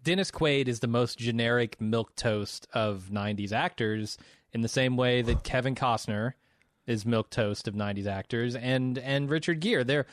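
A man's voice: medium pitch, normal speed, dry recording, studio quality. A man co-hosting a casual film review podcast, wry and opinionated. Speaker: podcast co-host. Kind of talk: casual movie review chat.

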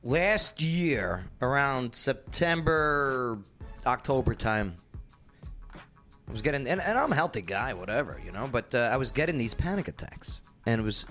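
A man hosting a casual opinion talk show, blunt and jokey, animated and fond of asides. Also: mid-range voice, a little slow, faint music behind.

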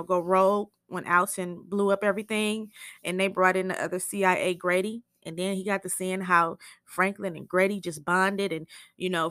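A woman's voice: medium pitch, bright, forceful tone, dry recording, studio quality. A young woman hosting a TV recap podcast, telling the episode in a blunt, profane, chatty way. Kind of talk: casual spoken show recap.

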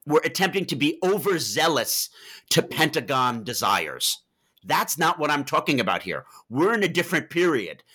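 A man who wrote a book on Libya, answering interview questions and telling stories to explain his points. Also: fairly high pitch. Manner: animated storytelling with vivid asides. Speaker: author and Libya analyst.

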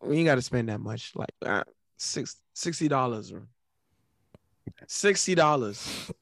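A man chatting casually on a podcast, animated, restarting and repeating words as he talks. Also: medium pitch, a little slow, vocal fry, no room sound. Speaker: podcast co-host. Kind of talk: casual chat.

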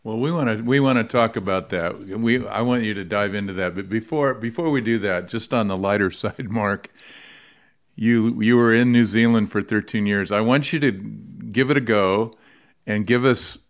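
Male podcast host, smooth lowish voice, friendly and easy laugh. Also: normal speed. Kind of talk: conversational interview.

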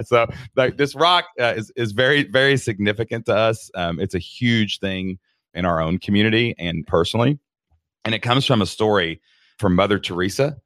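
Heartfelt man, low voice, calling everyone dude. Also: normal speed, fairly bright tone, no room sound, clean studio sound. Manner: emotional, heartfelt, says "man" and "dude" a lot. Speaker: podcast guest. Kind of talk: casual interview chat.

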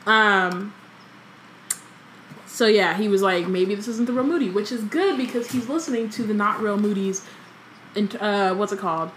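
A woman's voice: mid-range voice, normal speed, pauses often, fairly bright tone. Young woman, podcast co-host, reading aloud, chatty asides, faint background noise. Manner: chatty, reads then breaks off into joking commentary with many ums. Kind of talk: casual book-club podcast, reading with asides.

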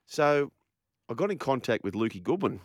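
An Australian man hosting a sports radio show, telling stories in an animated, chatty way. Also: mid-range voice, normal speed, no echo, studio quality. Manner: animated storyteller, laughing. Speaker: radio host.

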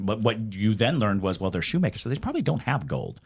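A man co-hosting a casual chat, joking and filling pauses with ums and uhs. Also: low-pitched, breathy edge. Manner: joking, animated, trails off with fillers. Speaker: podcast co-host.

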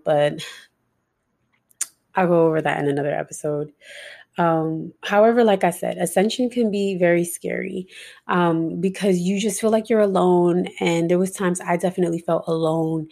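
A woman's voice: fairly low pitch, vocal fry, darkish tone. A young woman hosting a podcast, talking in a rambling, casual way full of "like" and "um" fillers, with some swearing. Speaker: podcast host. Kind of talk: casual spiritual podcast monologue.

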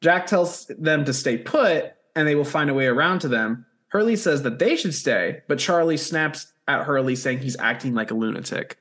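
A man's voice: fairly high pitch, lively intonation, moderate pace, few pauses, fairly bright tone. A man hosting a podcast, recapping an episode in casual chat, jokey and swearing freely. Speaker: podcast host.

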